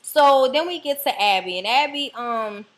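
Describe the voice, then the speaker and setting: Woman, New Orleans accent, casual ranting TV recap, swears constantly, chatty, animated, somewhat high voice. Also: moderate pace. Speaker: TV episode reviewer.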